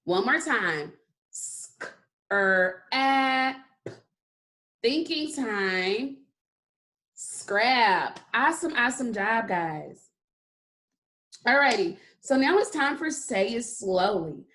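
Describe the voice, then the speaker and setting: A woman teaching a phonics lesson to young children, speaking in a slow, encouraging way and stretching out the sounds of words. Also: on the high side, sing-song, fairly bright tone. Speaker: kindergarten teacher.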